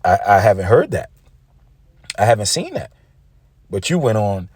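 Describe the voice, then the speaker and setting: A man's voice: fairly low pitch, very animated, moderate pace, long pauses, a little mellow, breathy edge. A man preaching combatively, reading scripture aloud and mocking rival preachers. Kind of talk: street-preacher sermon video.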